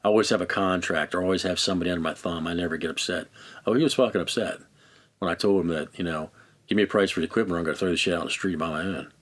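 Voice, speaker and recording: A man's voice: deep voice, racing, a bit bright. A middle-aged man bluntly recounting his own past in a candid interview, swearing freely and acting out the arguments he describes. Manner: blunt, heavily profane, acts out quoted exchanges. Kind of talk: candid first-person storytelling.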